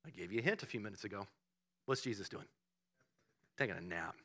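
A man preaching a sermon, telling the story with animated bursts and hushed asides. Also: on the low side, very fast. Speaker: pastor.

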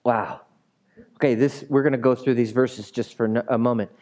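A man's voice: medium pitch, steady tone, fast talker, mellow. A male pastor preaching a sermon in a conversational way, with playful asides and emphatic repetition.

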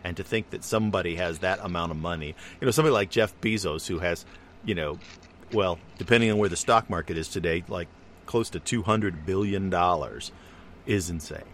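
A man's voice: low-pitched, fairly quick, fairly bright tone, a little hiss or hum. A man in casual conversation, musing at length and rambling through his explanations. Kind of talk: casual chat.

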